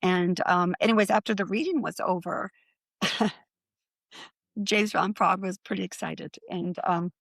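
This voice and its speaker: A middle-aged woman, a guest on a podcast, telling animated stories and acting out the quoted lines. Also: lowish voice, unhurried, gravelly, pauses often, dry recording. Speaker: guest, psychic medium. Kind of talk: storytelling in a podcast interview.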